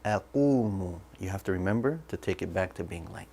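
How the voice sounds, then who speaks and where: A man's voice: deep voice, quick pace, vocal fry, a little mellow, slightly rough. A man teaching a beginner Arabic lesson, patiently sounding out each word syllable by syllable and then repeating it. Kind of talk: slow online language lesson.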